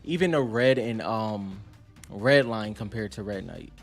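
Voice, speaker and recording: A man's voice: on the low side, a little slow, vocal fry, soft background music. A man co-hosting a casual card chat, easygoing and slangy, talking straight to viewers. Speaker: co-host.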